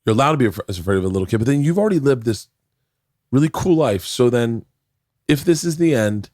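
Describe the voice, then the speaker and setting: A man's voice: mid-range voice, expressive, fast, a little mellow, dry recording, clean studio sound. A man in his forties talking in a casual podcast chat, rambling and restarting his sentences, with some swearing. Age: 40s. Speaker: podcast guest.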